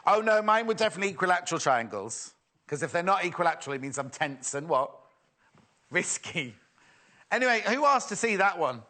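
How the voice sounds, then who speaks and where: A man's voice: high-pitched, big pitch swings, moderate pace, long pauses, pushed and bright. A man hosting a live shopping show, chatty and self-mocking, often giggling at his own jokes. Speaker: shopping channel presenter. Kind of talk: live TV sales chat.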